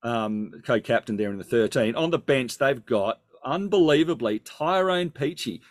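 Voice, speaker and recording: A man's voice: mid-range voice, animated, moderate pace, no room sound, studio quality. A man co-hosting a casual sports podcast, running through team line-ups with enthusiasm. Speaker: podcast co-host.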